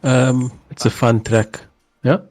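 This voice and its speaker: A man's voice: mid-range voice, flat delivery, slow, darkish tone. A man co-commentating on a sim race in a casual, hesitant, light-hearted way.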